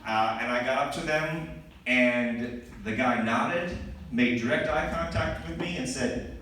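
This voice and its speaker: A man doing stand-up comedy, telling a story with lively asides and laughing as he goes. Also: mid-range voice, a little slow, slight background noise. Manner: animated storytelling with laughing asides and put-on voices. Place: comedy club. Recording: echoey club recording from a distance. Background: audience laughter.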